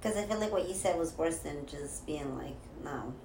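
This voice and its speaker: A woman's voice: sits low, fairly quick, warm tone, reverberant. A woman in casual chat, teasing and acting out others with exaggerated quotes.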